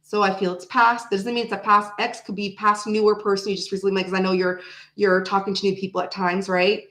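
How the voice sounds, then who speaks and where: A woman's voice: mid-range voice, little pitch movement, brisk, fairly bright tone, reverberant, poor audio. A woman doing a casual tarot reading to the camera, thinking aloud and repeating her phrases as she pulls cards. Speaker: tarot reader.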